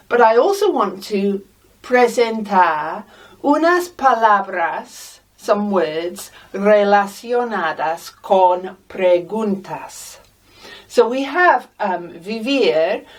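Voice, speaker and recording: A woman leads a language lesson at an unhurried pace, sounding out each word carefully and repeating example phrases. Her voice is mid-pitched and sits slightly back from the microphone. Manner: patient, carefully sounds out words. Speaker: Spanish teacher. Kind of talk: slow, deliberate language lesson mixing English and Spanish. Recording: voice a little distant from the mic.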